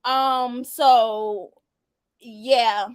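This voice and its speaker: A woman's voice: on the high side, steady tone, drawn-out words, clean tone, no room sound. A young adult woman hosting a casual live-stream chat, laughing and teasing as she reads viewer answers. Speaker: host.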